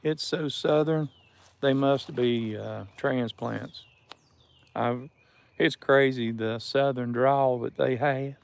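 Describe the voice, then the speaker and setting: A man's voice: mid-range voice, fairly even intonation, slow pace, creaky. A man hosting a casual live stream outdoors by a river, chatting with viewers and greeting them by name.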